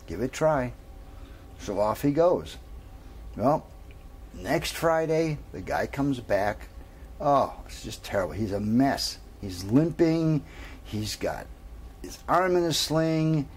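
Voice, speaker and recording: A man's voice: medium pitch, lively intonation, darkish tone, slight background noise. A man telling a long joke in a casual storytelling manner. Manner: casual storytelling, drawn-out pauses. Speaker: comedian.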